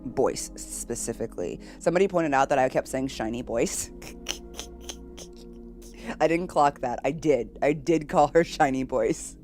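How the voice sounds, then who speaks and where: A woman streamer chatting casually with her live viewers, giggly and bubbly, switching between loud excited greetings and quiet asides. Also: a bass voice, faint music behind. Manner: bubbly, giggly, quick to laugh.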